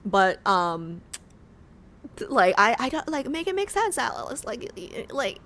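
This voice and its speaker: Excitable young woman streamer. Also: fairly high pitch, measured pace. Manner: excitable, swears a lot, fills with "like". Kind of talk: casual gameplay commentary.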